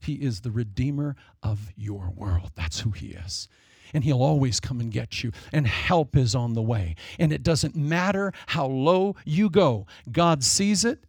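A man preaching a sermon, dramatic and storytelling, acting out voices in quick asides. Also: fairly high pitch, gravelly, no room sound, studio quality. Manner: dramatic, acts out demons and people in quick asides.

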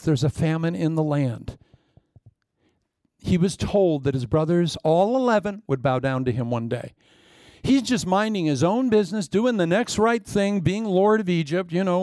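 A man delivers a sermon in a gravelly, mellow voice. He tells the story in an animated way, acting out lines and throwing in sudden asides to the congregation. The sound is dry, with no room echo. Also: fairly high pitch. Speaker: preacher.

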